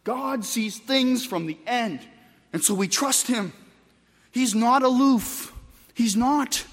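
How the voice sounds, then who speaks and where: High-voiced preaching man in a hall. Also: slow pace. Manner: emphatic preaching, swings between loud and soft. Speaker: pastor. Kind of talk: sermon.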